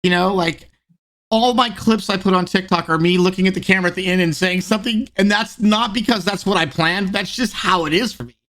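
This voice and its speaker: A male podcast host in casual chat, talking in an animated way and mimicking others when he quotes them. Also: high voice, brisk.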